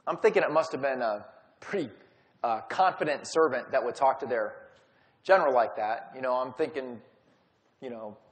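A man's voice: mid-range voice, normal speed. A man leading a Bible study in a conversational teaching style, retelling stories and acting out quotes. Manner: storytelling, acts out quotes. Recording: long hall reverb.

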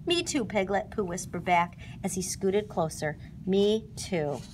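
A woman voicing a gentle, simple-hearted male teddy bear, speaking softly and earnestly in a storybook reading. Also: a little high, normal speed, slight background noise, close to an everyday voice. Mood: whispering.

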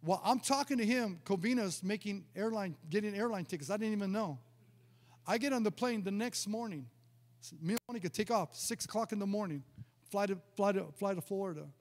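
A man's voice: high-pitched, brisk, darkish tone, long reverb tail. A male pastor preaching a sermon, telling a personal testimony in a storytelling way, often stumbling and repeating words. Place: church sanctuary.

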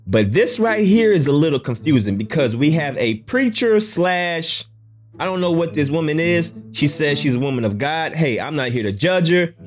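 A man in talks through a clip in a loose, joking reaction-video style. His pitch swings widely and he breaks into loud yelps and laughter. Faint music sits behind him. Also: expressive, normal speed. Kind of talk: casual reaction commentary.

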